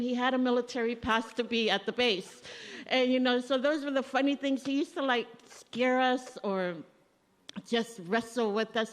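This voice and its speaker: A woman giving a eulogy for her father at a family funeral service, telling stories conversationally and acting out remembered dialogue. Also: on the high side. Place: church. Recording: long reverb of a church hall.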